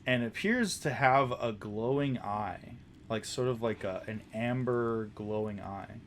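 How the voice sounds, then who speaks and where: A man narrating a tabletop game as dungeon master, describing scenes in a halting way with many restarts. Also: lowish voice, slight background noise.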